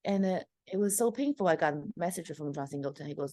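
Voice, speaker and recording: Low-voiced woman from China. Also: animated, quick pace, dark tone, no room sound. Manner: candid storytelling with frequent fillers and restarts. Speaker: guest comedian. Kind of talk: casual interview chat.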